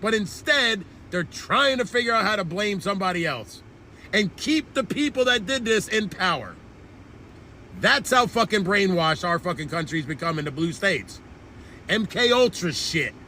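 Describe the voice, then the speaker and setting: A man with a strikingly high, very bright and cutting voice delivers a furious, profanity-laced rant. He speaks as the host of his own commentary channel, heated and relentless. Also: lively intonation, moderate pace, slight background noise. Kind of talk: angry political rant.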